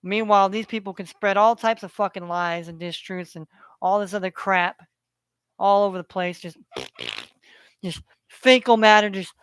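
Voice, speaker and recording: A man's voice: sits high, steady tone, normal speed, a bit bright, clean tone, no echo. A man delivering a preachy, profanity-laden rant to his viewers, hammering points by repeating them. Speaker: vlogger. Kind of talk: ranting monologue.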